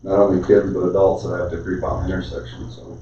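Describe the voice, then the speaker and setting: A plain-spoken man argues his case at a council meeting, his dark, mellow voice heard from across a very echoey chamber. The recording is dull and lo-fi. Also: low-pitched, level tone, quick pace. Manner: plain-spoken, explains patiently with filler "I mean". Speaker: council member. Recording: far-off mic, echoey chamber, dull sound.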